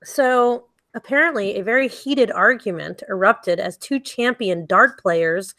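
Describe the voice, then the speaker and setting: A woman's voice: mid-range voice, unhurried, sharp tone, dry recording. Woman, podcast co-host, giggly news reader, dry close recording. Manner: giggly, reads stories aloud with laughs. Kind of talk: casual chat.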